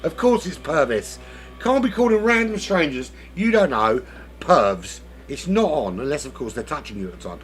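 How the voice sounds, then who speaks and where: A man's voice: on the high side, very animated, normal speed, soft background music. A man giving casual live commentary on a sim race, rambling and joking as he hosts the lobby. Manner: rambling, jokey, self-interrupting.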